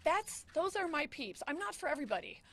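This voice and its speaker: A woman's voice: high-pitched, big pitch swings, fairly quick, a bit bright. A woman in her fifties, a comedian giving a press conference statement, joking and mocking herself with a nervous edge. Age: 50s.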